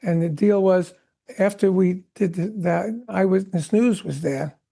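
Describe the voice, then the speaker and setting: An older man, a veteran drummer, telling animated stories in a podcast interview and acting out the voices of the people he quotes. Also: sits high, unhurried, gravelly. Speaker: guest drummer.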